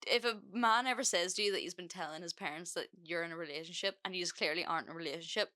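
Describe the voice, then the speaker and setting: A young woman hosts her own podcast, rambling through a personal story with plenty of "like" and "you know". Her voice sits low for a woman but has a bright, forceful edge. She is blunt and unfiltered, and curses casually. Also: racing. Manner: chatty, frank, swears freely, many fillers. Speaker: podcast host.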